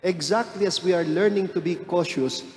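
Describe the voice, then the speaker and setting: A man with a Filipino accent preaching a homily slowly and deliberately, switching between English and Tagalog. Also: high-pitched, darkish tone, roomy sound, in a large hall, a little hiss or hum. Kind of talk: sermon.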